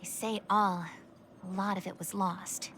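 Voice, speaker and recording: A woman's voice: mid-range voice, level tone, a little slow, a bit bright, slight background noise, close to an everyday voice. An actress playing a composed, polite female official in a video game, explaining matters formally. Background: game music.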